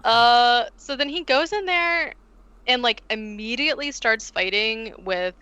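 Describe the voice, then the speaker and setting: A woman on a podcast retells a movie in a lively, chatty way, peppering every sentence with "like" and slipping into the characters' lines. Her voice is bright and crisp. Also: a little high, a little slow, muffled recording. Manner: animated, heavy use of "like", acts out quotes. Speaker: podcast co-host recapping a film. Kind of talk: casual chat.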